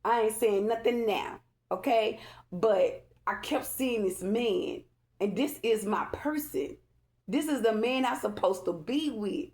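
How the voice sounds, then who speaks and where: A tarot card reader with a slightly high, somewhat dark voice gives her viewers a casual spiritual reading at a measured pace. She's chatty and emphatic, repeating herself in loose colloquial phrasing and constantly checking in by asking "okay?"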